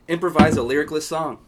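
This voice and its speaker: A man's voice: medium pitch, a bit bright, a little hiss or hum. A man hosting a casual chat, reading out prompts in an amused way and laughing often. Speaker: podcast host. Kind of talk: casual question-and-answer chat.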